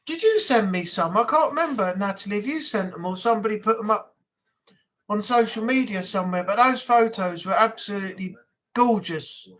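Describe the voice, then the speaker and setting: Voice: medium pitch, a little fast, a bit bright. A live-stream host from England chatting casually and rambling, reading out viewer comments and ranting a little.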